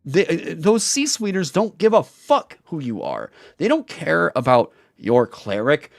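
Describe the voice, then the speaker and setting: A man's voice: a little high, wildly swooping pitch, unhurried, gravelly, dry recording, clean studio sound. A man on his own channel delivering an angry commentary rant, heated, profane and emphatic. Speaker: YouTuber and streamer.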